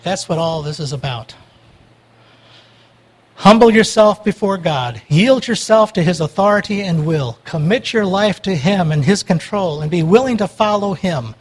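A man preaching a sermon, emphatic and swinging between loud urging and quiet pleading prayer. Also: high-pitched, animated, moderate pace, husky, poor audio.

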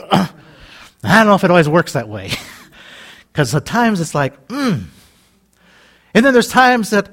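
Casting: male preacher, high voice, animated delivery, plays out dialogue mid-sermon. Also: unhurried, long pauses. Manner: animated, acts out quoted voices, laughs often. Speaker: pastor.

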